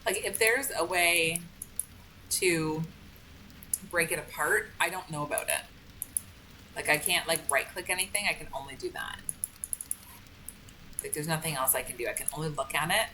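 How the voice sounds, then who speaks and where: A woman with a deep, tense, forceful voice talks through a game she's streaming. Her commentary is casual and frustrated, full of "like" fillers and swearing. A faint noise sits under her voice. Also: normal speed, long pauses, poor audio. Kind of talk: casual let's-play commentary.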